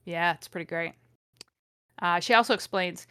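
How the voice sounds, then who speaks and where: A woman's voice: fairly low pitch, moderate pace, sharp tone, clear, resonant tone, dry recording, clean studio sound. A woman podcast host reading a fanfic aloud with amused, sarcastic commentary. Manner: amused, sarcastic, laughs often.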